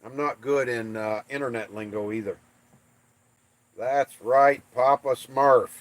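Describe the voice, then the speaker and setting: A man's voice: medium pitch, a little slow. A man from the United States hosting a livestream, reading viewer comments and joking about English place names in playful trash talk. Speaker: livestream host.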